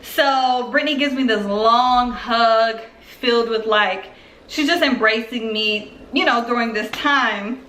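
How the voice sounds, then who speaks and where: A woman in her twenties from Philadelphia telling a personal story on her vlog in a chatty, animated way full of fillers. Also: a little high, a little slow, a little hiss or hum. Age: 20s. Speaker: YouTuber. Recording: roomy echo.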